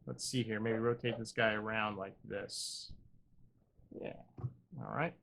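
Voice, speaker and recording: A man's voice: on the low side, steady tone, a little slow, vocal fry, a bit bright. Man muttering wry gameplay commentary. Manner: self-deprecating, thinks aloud with wry humor. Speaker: gaming channel host.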